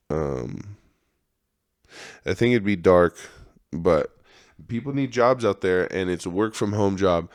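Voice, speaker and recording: A man's voice: low-pitched, normal speed, a little mellow, dry recording, studio quality. A man hosting a podcast, talking in a rambling, profane monologue and laughing often. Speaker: podcast host.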